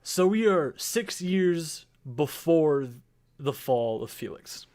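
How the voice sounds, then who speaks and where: A man's voice: fairly high pitch, animated, takes it slowly, a little mellow. A man narrating a tabletop game as game master, in loose, rambling speech.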